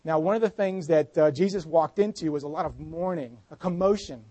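A man preaching a sermon in an earnest way, dropping his voice softly when he speaks Jesus' words. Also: on the high side, a little fast, no echo, low-quality recording. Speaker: pastor.

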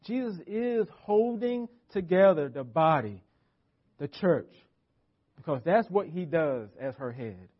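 A man preaching a sermon as pastor, emphatic and repetitive, swinging from loud declarations to near-whispers. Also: fairly high pitch, animated, slow pace, breathy edge, highs cut off.

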